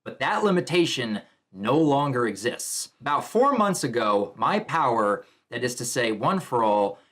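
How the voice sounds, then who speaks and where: A solemn old hero spirit speaks in a grave, measured tone, as a man reads him aloud from a comic, a touch lower and slower than everyday talk. The voice carries a quiet weight, steady rather than theatrical. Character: solemn ancient male hero spirit, the first wielder.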